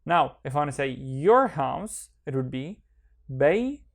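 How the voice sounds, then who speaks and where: A man gives an online reading lesson, calm and unhurried. He sounds out each syllable and repeats it, with a mid-range voice. He comes across as clear and patient throughout. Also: mid-range voice. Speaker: Arabic teacher.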